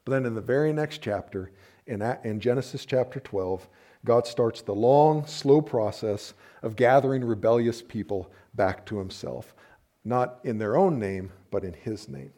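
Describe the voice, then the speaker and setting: A man's voice: mid-range voice, moderate pace, dark tone. Man preaching a conversational sermon. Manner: conversational, uses playful asides and acted-out quotes. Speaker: pastor.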